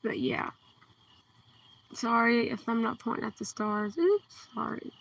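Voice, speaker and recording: Gravelly soft-spoken southern Kentucky woman. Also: a little high, expressive. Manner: slow, deliberately enunciated, soft-spoken. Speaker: livestreamer. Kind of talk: casual livestream chat. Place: outdoors at night. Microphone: phone. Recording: distant phone mic, faint outdoor hiss.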